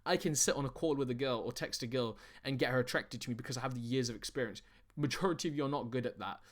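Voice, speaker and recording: A man's voice: medium pitch, fast. A young man presenting as a dating coach in an online lesson, talking bluntly with heavy profanity and calling his viewers guys and bro.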